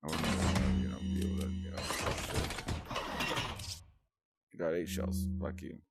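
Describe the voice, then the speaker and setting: A man's voice: rumbling low, steady tone, unhurried, gravelly, loud music behind the voice. A young man giving casual gameplay commentary, swearing a lot and grumbling at the game in frustration. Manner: frustrated, profane, talks to the game. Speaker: gaming streamer.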